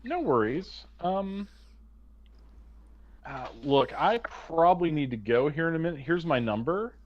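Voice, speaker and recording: A man's voice: on the high side, expressive, a little slow. A man voicing a bored, sardonic young woman at a bar, with dry, teasing put-downs. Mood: brisk. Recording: lo-fi online voice chat.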